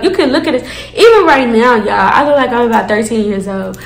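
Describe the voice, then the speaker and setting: High-voiced, animated young woman storyteller. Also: fairly quick, vocal fry. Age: 20s. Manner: animated, dramatic, swearing freely. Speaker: storytime vlogger. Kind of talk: casual storytelling to viewers. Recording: echoey room.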